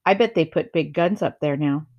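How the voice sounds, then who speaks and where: A woman's voice: deep voice, moderate pace, dull audio. A woman doing a serious, official-sounding boy.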